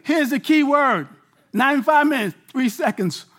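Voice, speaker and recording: A man preaching a sermon in a casual, slangy way, moving between loud bursts and hushed lines. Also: extremely high pitch, expressive, unhurried.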